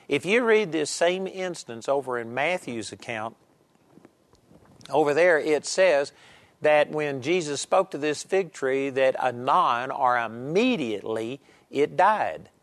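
A man's voice: on the high side, animated, slow pace, dry recording. A man preaching a sermon and teaching from a Bible text in an earnest, emphatic way. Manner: earnest, emphatic, varying loudness.

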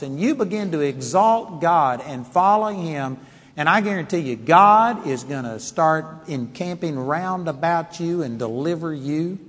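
A man preaching a sermon, telling stories emphatically and swinging from quiet asides to loud declarations. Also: on the high side, husky, in a large hall.

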